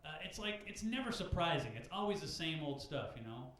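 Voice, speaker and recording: A man doing a stand-up comedy set at an open mic, animated and loud, jumping into high shouted bits. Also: brisk, slight background noise. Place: comedy club stage. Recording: very echoey club room.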